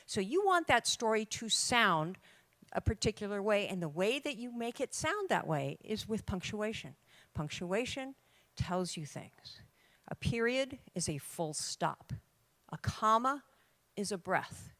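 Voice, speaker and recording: An older woman giving an emphatic, lively talk to a room of writers, with dramatic pauses. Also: mid-range voice, no room sound. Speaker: conference speaker. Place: conference room.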